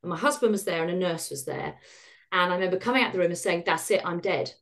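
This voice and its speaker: A woman's voice: lowish voice, fast. A middle-aged woman, a podcast guest, tells her personal story in a frank, self-deprecating way and acts out the dialogue she recalls. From United Kingdom.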